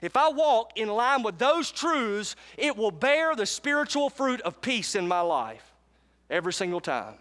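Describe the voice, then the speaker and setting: Here a pastor delivers a sermon to a live congregation in a church sanctuary, his high voice very animated, unhurried and a bit bright. He preaches emphatically, frequently asking the crowd to respond.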